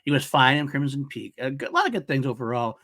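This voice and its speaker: A man's voice: mid-range voice, big pitch swings, fast talker, a bit bright. A man co-hosting a podcast, chatting in a laid-back, hedging way. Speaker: podcast co-host. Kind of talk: casual chat.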